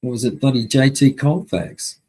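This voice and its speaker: A man's voice: mid-range voice, steady tone, moderate pace, darkish tone, slight background noise, rough recording. A man hosting a live stream, ranting angrily at his chat with constant swearing. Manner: heavy swearing, angry and blunt. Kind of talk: casual live-stream rant.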